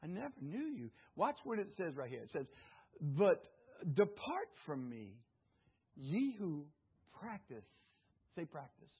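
A man preaching a fervent sermon at a church service. He calls on the congregation to repeat his words and swings between loud exclamations and hushed asides. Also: a little high, sing-song, takes it slowly, pauses often, slightly rough. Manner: fervent preaching with call-and-response prompts to the congregation. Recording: tinny phone-like audio.

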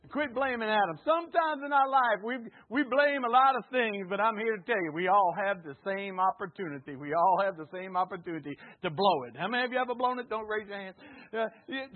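Man preaching over a tinny line. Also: high voice. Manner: call-and-response, jokey and lively; hushed and earnest in prayer. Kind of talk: sermon. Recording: tinny phone-like lo-fi sound.

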